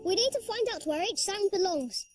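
A voice actor playing Noddy, a cheerful young toy boy in an animated children's cartoon, talking in an eager, bouncy, helpful way. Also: very high-pitched, brisk. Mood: upbeat. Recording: music playing loudly underneath.

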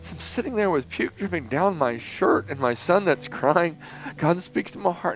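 A middle-aged male pastor with a slightly raised voice preaches to his congregation, turning an everyday story into a lesson. He swings between loud, punchy emphasis and near-whispered tenderness. A guitar plays softly beneath him. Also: a little high, animated, moderate pace. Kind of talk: sermon. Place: church sanctuary.

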